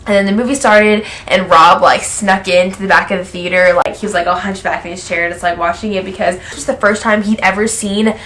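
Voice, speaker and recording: A woman's voice: mid-range voice, fairly even intonation, brisk, few pauses, fairly bright tone. Gushing young woman fan. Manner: gushing, lots of "like" fillers. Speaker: vlogger. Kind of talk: excited fan recap vlog.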